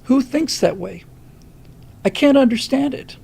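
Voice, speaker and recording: A man's voice: extremely high pitch, animated, a little slow, gravelly, dark tone, slightly rough. A man hosting a live stream, giving a rambling monologue of political commentary with lots of fillers and restarts.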